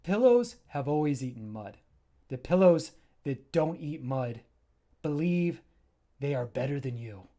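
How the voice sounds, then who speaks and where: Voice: mid-range voice, expressive, a little slow, dark tone. A livestreaming comic creator voicing an old, deranged mud pillow tribal leader who speaks in a grave, preaching way.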